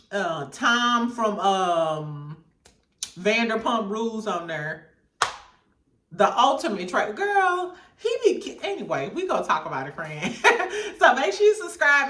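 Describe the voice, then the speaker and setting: A woman's voice: medium pitch, far from the mic. Laughing, profane woman in an echoey room. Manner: animated, profane, laughs often. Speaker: show host. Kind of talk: casual reality TV commentary. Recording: echoey room, set back from the mic.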